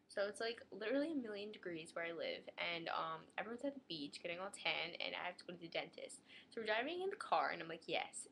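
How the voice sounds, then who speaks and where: A teenage girl vlogging a sarcastic rant about a dentist visit, dropping into flat deadpan asides and muttered retorts. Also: mid-range voice, vocal fry, slight background noise. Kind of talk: casual storytelling rant.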